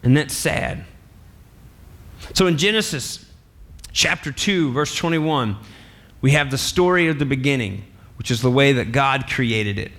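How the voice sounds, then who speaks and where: Animated, playful man preaching a sermon. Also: medium pitch, a little slow, long pauses. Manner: animated, playful, laughs often. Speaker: pastor.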